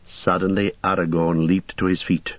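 A man's voice: deep voice, no echo. Man reading an audiobook, dry and muffled. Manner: measured, even storytelling. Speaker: narrator. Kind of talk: audiobook narration. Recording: dull dry audiobook recording.

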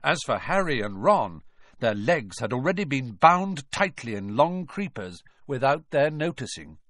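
A man reading a children's storybook aloud, with expressive, dramatic narration. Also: mid-range voice, unhurried, no room sound. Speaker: audiobook narrator.

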